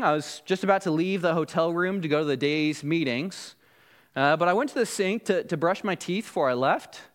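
Brief: male pastor with a high voice, teaching through a sermon, asking rhetorical questions. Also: fairly bright tone. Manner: explanatory, frequent rhetorical "Right?" checks.

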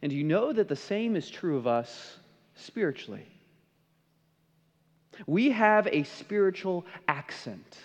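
A man preaches emphatically, putting questions to his listeners. His voice sits high and swings widely in pitch. The sound rings out with the long reverb of a big hall. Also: very animated, slow, pauses often. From American Midwest. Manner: emphatic, asks the congregation questions. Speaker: pastor. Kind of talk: sermon.

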